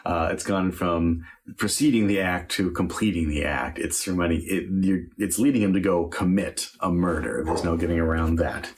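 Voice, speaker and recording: A man's voice: low-pitched, moderate pace. A man acting teacher explaining Shakespeare verse line by line, thinking aloud with fillers.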